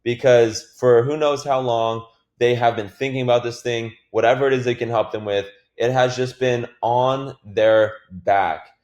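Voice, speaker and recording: Man, sales trainer, mid-range voice, casual, energetic, swears, lots of fillers, echoey room. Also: mid-range voice, a little slow. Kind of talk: recorded training talk.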